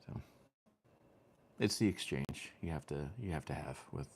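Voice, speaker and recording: A man's voice: a bass voice, moderate pace, a little hiss or hum. A man streaming from home, chatting casually in a rambling, hesitant way with lots of ums and restarts. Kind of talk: casual chat. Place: home room with fan and lights.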